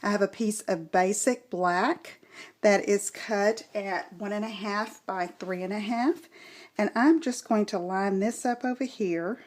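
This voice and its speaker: A middle-aged woman hosts a crafting tutorial, speaking at a notably slow, unhurried pace. Her delivery is gentle and explanatory, walking through each step as she works. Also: medium pitch.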